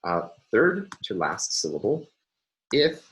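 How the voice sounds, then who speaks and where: A man's voice: lowish voice, huge pitch swings, takes it slowly, a bit bright, slight background noise, poor audio. A man lecturing on linguistics over slides, careful and self-correcting, with frequent ums and uhs.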